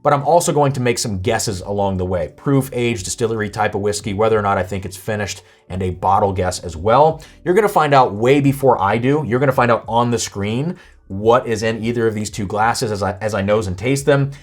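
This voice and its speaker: A man hosting a casual whiskey tasting video, relaxed and chatty, thinking aloud, his voice slightly worn and going hoarse. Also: fairly low pitch, a little fast. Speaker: host.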